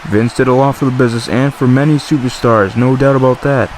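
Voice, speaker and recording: A man giving excited play-by-play commentary over a wrestling video game, calling the action as it happens. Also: mid-range voice, fairly quick, a little hiss or hum. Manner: excited, exclamatory ringside calling.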